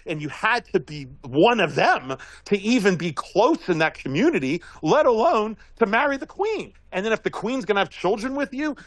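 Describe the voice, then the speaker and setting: Man, high voice, very expressive pitch, rambling animated commentary, dry close sound. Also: no echo, poor audio. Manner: rambling, animated storytelling with frequent laughs. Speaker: regular guest commentator. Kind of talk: casual commentary monologue.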